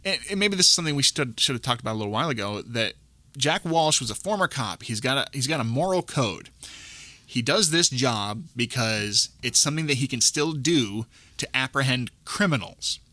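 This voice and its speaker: A man's voice: medium pitch, lively intonation, fairly quick, sharp tone, no echo. A man co-hosting a podcast, talking casually about a film in a rambling way with lots of restarts. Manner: rambling, restarts often, quotes lines from the film. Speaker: podcast co-host.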